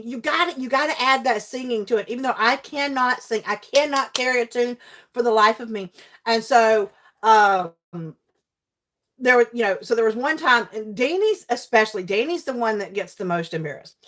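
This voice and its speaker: Chatty mom streamer, higher voice. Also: female voice, moderate pace. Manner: chatty and animated, laughs often, greets viewers by name. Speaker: livestream host and teacher. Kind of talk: casual chat with viewers while crafting.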